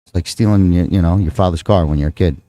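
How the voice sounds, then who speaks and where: A man's voice: low-pitched, quick pace, warm tone, dry recording, clean studio sound. A man with a Texan accent calling a live pool match, rambling and joking with his co-host between shots. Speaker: pool commentator. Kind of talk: live play-by-play commentary.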